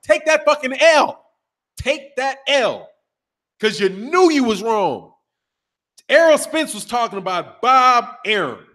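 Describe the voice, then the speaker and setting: A man's voice: very high voice, slow pace. A man in his thirties hosting a boxing channel, talking casually and profanely, trash-talking while reading a live chat. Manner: animated, profane, trash-talking, laughs often.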